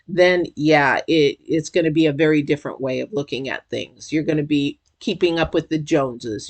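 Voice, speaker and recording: A tarot reader giving a casual intuitive reading straight to viewers, chatty and emotional, with sudden high exclamations.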